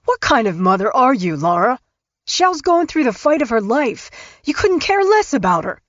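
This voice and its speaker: A woman's voice: a little high, animated, slow pace, no room sound, voice pushed up. A woman voicing a stubborn, trusting husband who answers defensively and firmly, in an audiobook. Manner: defensive, firm. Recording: dull, dry studio recording.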